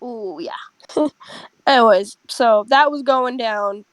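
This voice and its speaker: A young woman casually telling a rambling, animated story to friends over a headset. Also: a little high, slow, dry recording, rough recording. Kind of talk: casual chat.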